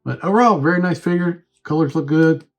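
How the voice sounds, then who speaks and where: A man with a higher-pitched voice reviews a toy on his own channel at a brisk pace. It's a casual, unscripted review in which he rambles and thinks aloud while fiddling with the figure.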